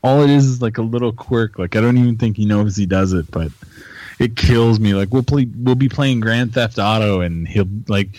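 A man's voice: fairly low pitch, moderate pace, darkish tone, no room sound, poor audio. A man with a Canadian accent chatting casually as a podcast guest, swearing freely and laughing easily. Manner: profane, laid-back, laughs easily. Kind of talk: casual chat.

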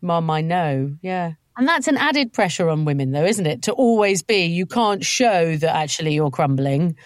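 A woman's voice: lowish voice, animated, moderate pace, no room sound, clean studio sound. A woman hosting an interview, asking reflective, sympathetic questions. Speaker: interviewer, host. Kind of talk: conversational interview.

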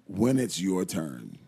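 A man co-hosting a podcast in casual chat, giving laid-back, drawn-out advice. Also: deep voice, gravelly, mellow, husky. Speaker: podcast co-host.

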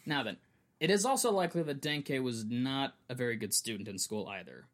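A man's voice: mid-range voice, lively intonation, brisk. A young adult man hosting a podcast, telling a true story in a chatty way with frequent restarts. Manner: chatty, restarts often, laughs along. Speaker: podcast host.

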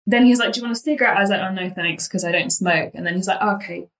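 An animated woman from London tells her story in a casual way, playing out her own past lines with bursts of laughter. Her voice sits mid-range, and the recording is roomy, with a clear echo. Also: medium pitch, racing.

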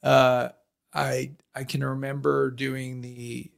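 A middle-aged man, a guest and former hockey analyst, chatting in a studio in a relaxed way and laughing often. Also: mid-range voice, slow pace, vocal fry. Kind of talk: casual studio chat. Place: podcast studio.

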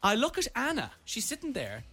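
A young Irish man, a radio host, telling a comic story in an animated way. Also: very high voice, brisk, breathy edge. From Ireland.

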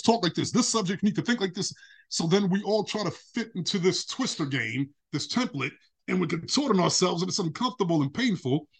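A middle-aged man chats easily as a podcast guest, his voice husky and sitting a little high for a man. He tells stories expressively and slips into the voices of the people he describes. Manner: expressive storytelling, acting out quoted voices. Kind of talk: casual interview conversation.

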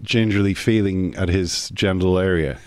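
A man's voice: deep voice, normal speed, darkish tone, no echo, clean studio sound. A man hosting a podcast, talking in a mock-serious critic's manner. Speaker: podcast host. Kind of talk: casual chat.

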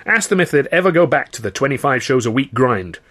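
A man doing a brash loudmouth studio boss. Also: mid-range voice, animated. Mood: chummy. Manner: loud, boastful, rapid salesman patter. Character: brash fast-talking male film studio boss, middle-aged. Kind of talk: audiobook character voice.

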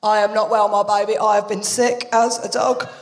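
A woman voicing her chatty older mum, hungover and fussing, with a British accent and a slow, low drawl. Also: little pitch movement, big-room sound, lightly acted. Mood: self-pitying.

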